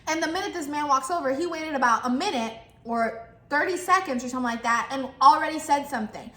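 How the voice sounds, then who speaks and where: A young woman vlogger telling a storytime while eating, animated and chatty, talking between bites. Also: high voice, fast talker. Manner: animated, talks while chewing, acts out the customer exchange. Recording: echoey room, faint background noise.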